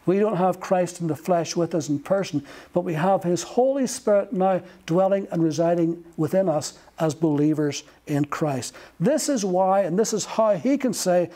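Slow, emphatic preacher, high voice. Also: male voice, mellow. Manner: slow, emphatic delivery with long pauses. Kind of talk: sermon.

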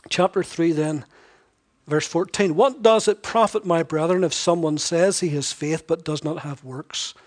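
A man's voice: a little high, a little slow. A man preaching an expository sermon, emphatic and repetitive, with wry asides.

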